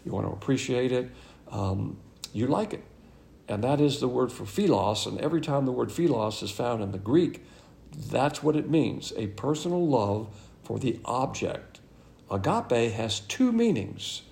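A man delivering a Bible-teaching sermon, emphatic and blunt, with a conversational manner and quick asides. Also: mid-range voice, expressive, vocal fry, darkish tone.

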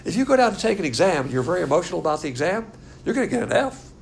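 A man's voice: high-pitched, racing, vocal fry, a little hiss or hum. An older man teaching a Bible class as a pastor, blunt and scornful in manner. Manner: blunt, scornful, animated lecturing.

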